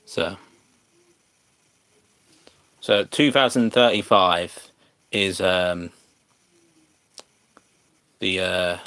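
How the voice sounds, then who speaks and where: A man's voice: low-pitched, extremely slow, long pauses, sharp tone, smooth, no echo. An English man chatting casually to viewers on a livestream, hesitant and full of fillers and restarts. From England.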